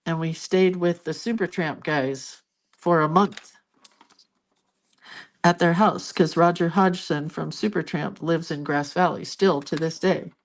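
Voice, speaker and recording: An older woman chatting casually as she colors, rambling into stories with soft, murmured asides at her art desk. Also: low-pitched, measured pace. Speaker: art vlogger. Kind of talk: casual chat while coloring.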